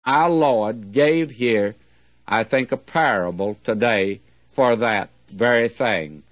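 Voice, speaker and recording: A man preaching a sermon in a measured, earnest way, with slow, emphatic readings. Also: mid-range voice, no echo. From United States. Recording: dull, dry lo-fi recording.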